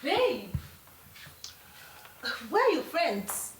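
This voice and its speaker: A woman's voice: high voice, big pitch swings, drawn-out words, background noise, full character voice. An actress playing a friendly young wife who greets her husband's guests, with a Nigerian accent. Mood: cheerful. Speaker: cheerful new wife.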